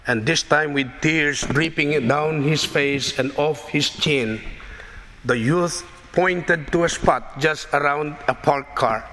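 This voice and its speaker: Slow, bright-voiced preaching man. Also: a little high. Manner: slow, deliberate preaching with dramatic storytelling. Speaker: pastor. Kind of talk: sermon. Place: church. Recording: church reverb, faint noise.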